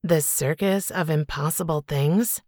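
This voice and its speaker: Brief: sardonic young woman, voiced by the narrator, low and gravelly, audiobook dialogue. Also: measured pace, a little mellow, no room sound. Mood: wry. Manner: dry, unimpressed remarks. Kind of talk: audiobook character voice.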